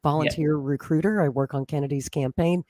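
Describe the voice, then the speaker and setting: A woman's voice: sits low, steady tone, brisk, warm tone, no echo, clean studio sound. An American woman talking politics as a podcast guest, confident and talkative, with frequent restarts. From United States. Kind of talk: casual political chat.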